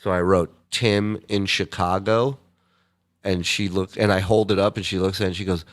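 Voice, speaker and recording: A man hosting a casual livestream, reading out viewer messages in a loose, profane way and breaking into loud, high impressions. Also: steady tone, normal speed. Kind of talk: casual chat.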